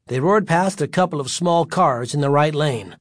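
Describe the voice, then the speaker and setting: A man narrating a chapter of a story in an even storytelling voice. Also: on the high side, normal speed, no echo, studio quality. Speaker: audiobook narrator. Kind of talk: scripted narration.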